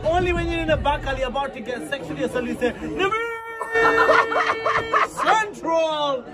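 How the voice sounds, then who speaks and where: Joking high-voiced party guest. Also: male voice, very fast. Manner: playful, mock-dramatic. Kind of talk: joking hype. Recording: loud party with music and crowd.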